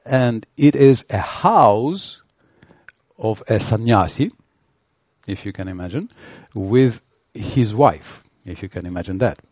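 A man giving a devotional lecture, halting and restarting, telling stories animatedly. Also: lowish voice, no room sound. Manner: halting, many fillers and restarts, animated storytelling. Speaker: spiritual teacher.

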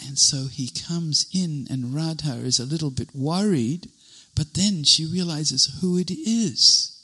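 Guy retelling a devotional tale, husky voice, kinda bright and tense. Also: fairly high pitch, unhurried, rough recording. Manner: animated retelling with many "and then"s. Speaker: storyteller. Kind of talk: devotional storytelling.

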